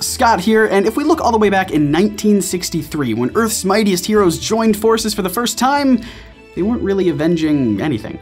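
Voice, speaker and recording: A man hosting a scripted commentary video, speaking in a playful and self-mocking way. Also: sits high. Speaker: video essay host. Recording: faint music behind.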